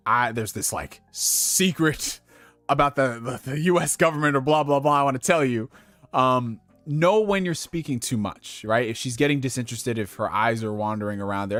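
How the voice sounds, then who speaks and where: A man's voice: mid-range voice, no echo. A young man hosting a casual livestream, giving dating advice in a loose, profane way and laughing at his own slips. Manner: talks directly to viewers with slang.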